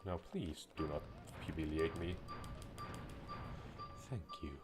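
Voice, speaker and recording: Male let's-player with a deep voice, dry sarcastic jokes and casual swearing. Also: expressive, takes it slowly, music in the background. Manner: sarcastic, joking, swears freely. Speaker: gameplay commentator. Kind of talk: casual let's-play commentary.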